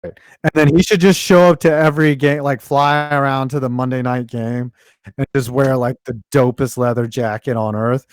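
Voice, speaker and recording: A man's voice: medium pitch, steady tone, normal speed, clear, resonant tone, no echo. A man co-hosting a podcast in casual chat, joking and riffing with plenty of profanity. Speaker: podcast co-host.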